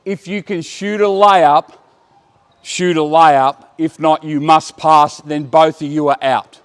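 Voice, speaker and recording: A man running a basketball coaching clinic, giving brisk commands to players and explaining drills to the watching coaches. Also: on the high side, fairly even intonation, clean tone. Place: indoor basketball court.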